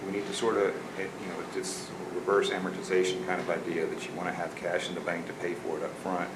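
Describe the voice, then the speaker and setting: A deep-voiced man talks fast in a level tone, working through his thoughts during a council discussion and frequently repeating himself. The city council member is recorded in an echoey chamber with noise in the background.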